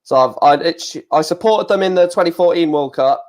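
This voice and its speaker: A man's voice: a little high, fairly quick, a little mellow. A young man streaming a football watchalong, chatting in a rambling, jokey, self-deprecating way at a desk microphone. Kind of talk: live football watchalong commentary.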